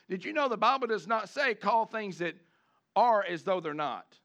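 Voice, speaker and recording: A man preaching a sermon, animated, switching between chatty asides and loud shouted lines, acting out the people he quotes. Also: high-pitched, fairly quick. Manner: acts out the congregation and the people he quotes. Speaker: pastor.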